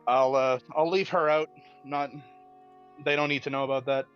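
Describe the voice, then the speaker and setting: A man's voice: mid-range voice, fairly even intonation, soft background music. Hesitant man, muffled lo-fi sound. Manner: hesitant, halting. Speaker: tabletop game player. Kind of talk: casual game table chat. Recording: slightly dull lo-fi sound.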